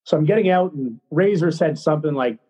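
A middle-aged man, a former hockey player, telling a story as a podcast guest in a blunt, excitable, profane way. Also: a little high, brisk, breathy edge, poor audio. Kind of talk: casual storytelling.

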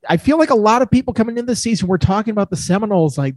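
A man co-hosting a casual college football talk show, reacting with lively disbelief. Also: high-pitched, fast talker, hardly any pauses, no room sound. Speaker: co-host, college football reporter.

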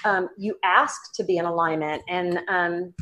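A woman with a Southern accent, a psychic medium talking as a guest in an interview, animated and laughing, with many fillers and restarts. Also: lowish voice, measured pace, a little hiss or hum. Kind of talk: casual interview talk.

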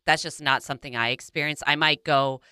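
Low, smooth-voiced woman podcast host. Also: steady tone, pushed and bright, no room sound, studio quality. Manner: open, self-reflective, with halting restarts. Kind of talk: candid personal conversation.

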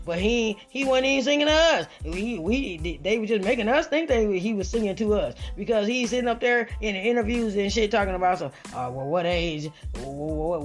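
Laughing, profane woman commentator. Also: medium pitch. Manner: profane, laughing, repeats "y'all". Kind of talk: casual commentary to viewers.

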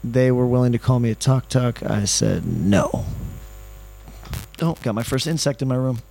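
A man's voice: mid-range voice, normal speed, creaky, mellow, low-quality recording. A man rambles through a loose, unscripted monologue, his tone sarcastic and ranting. He swears freely and drifts between complaints and a travel story, talking from his hotel room. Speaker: travel vlogger.

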